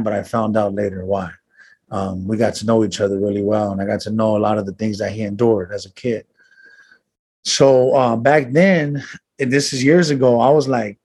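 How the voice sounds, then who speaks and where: A man's voice: medium pitch, breathy edge. A man telling a personal story as an interview guest, earnest and reflective, with casual slang and frequent restarts.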